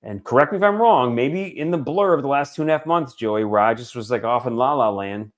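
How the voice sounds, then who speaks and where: A man in his forties co-hosting a podcast, talking sports in an animated, joking way and swearing freely. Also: mid-range voice, brisk. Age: 40s. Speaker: podcast co-host. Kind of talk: casual sports chat.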